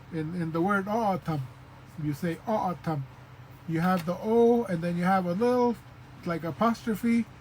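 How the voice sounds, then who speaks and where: A man giving an informal spoken language lesson, patient and repeating sounds slowly, with many fillers. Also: high voice, a little mellow, slight background noise, rough recording. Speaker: language teacher.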